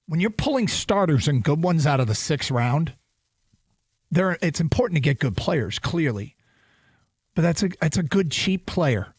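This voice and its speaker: A man hosting sports talk radio, reading listener texts and doing live ad reads in an animated way. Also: on the high side, normal speed, slightly rough, dry recording. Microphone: studio microphone.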